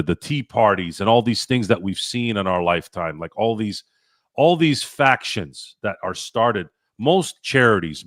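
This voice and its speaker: A man's voice: fairly low pitch, a bit bright, no echo, studio quality. A man hosting a sports talk show, ranting bluntly and swearing freely. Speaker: podcast host.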